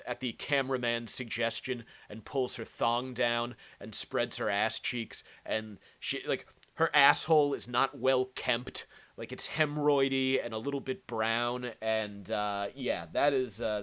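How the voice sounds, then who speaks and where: A man's voice: mid-range voice, fairly even intonation, unhurried, a bit bright. A man hosting a podcast, riffing crudely on video clips with lots of swearing, fillers and restarts. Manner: profane, rambling, many fillers and restarts. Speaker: podcast host.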